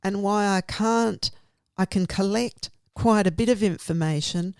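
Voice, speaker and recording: Slow-spoken woman teacher, reflective. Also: mid-range voice, clear, resonant tone, no echo, clean studio sound. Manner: reflective, explains step by step. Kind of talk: professional conversation about teaching.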